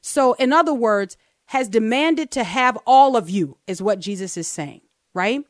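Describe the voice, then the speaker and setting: A woman co-hosting a Christian talk show, earnestly teaching from the Bible and slowing down to read verses aloud. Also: fairly high pitch, animated, dry recording, clean studio sound. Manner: earnest, explains step by step, slows down to read verses.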